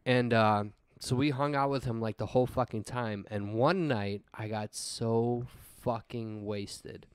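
A man's voice: mid-range voice, unhurried, few pauses, clear, resonant tone, no echo. A man in his thirties, a podcast co-host, telling a rowdy story in casual chat, swearing a lot and breaking into laughter.

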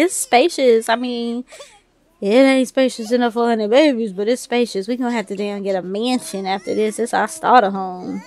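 Sassy gravelly-voiced woman game commentator. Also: a little high, moderate pace, a little mellow. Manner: sassy, talks back to the game characters; swears casually, informal slang. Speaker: let's play creator. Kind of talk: casual gameplay commentary.

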